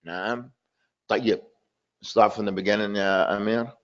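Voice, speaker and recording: A man's voice: fairly low pitch, fairly even intonation, unhurried, highs cut off. A man teaching an online language class, stressing and repeating words over and over to drill his students' pronunciation. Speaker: Arabic teacher.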